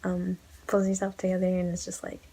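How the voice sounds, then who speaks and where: A woman's voice: lowish voice, completely flat delivery, brisk, warm tone, husky, low-quality recording. A young woman gushing about a book in a casual vlog, emotional and casually swearing, often dropping into whispers. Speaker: book vlogger.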